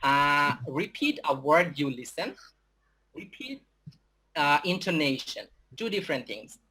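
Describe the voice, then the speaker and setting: A young man with a Bangladeshi accent, an English teacher giving a talk to students, halting with many fillers and restarts. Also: on the high side, expressive, bright, forceful tone, a little hiss or hum.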